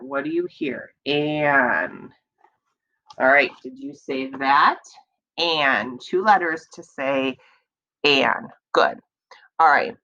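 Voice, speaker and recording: A woman teacher giving a slow, patient early reading lesson to young children, repeating words and stretching out sounds to encourage them. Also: low voice, bright, forceful tone, muffled recording.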